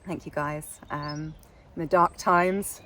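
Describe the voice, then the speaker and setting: A woman's voice: sits low, fairly even intonation, slow, pushed and bright, a little hiss or hum. An Irish woman co-hosting a casual chat, laughing often and trailing off into restarts. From Ireland. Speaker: podcast co-host.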